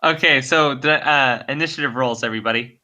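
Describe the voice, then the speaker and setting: A man serving as game master for a tabletop game played over a voice call, calmly calling on players and directing turns. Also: medium pitch, fairly quick. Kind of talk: running an online tabletop game.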